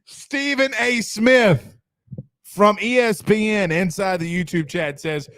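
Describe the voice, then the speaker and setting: A tipsy man hosts a casual sports livestream, loose and profane, often breaking into laughter. His voice sits high for a man, and the sound is close and dry with no room echo. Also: slow pace, a bit bright. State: tipsy from drinking. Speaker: sports show host. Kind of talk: casual livestream chat reading viewer comments.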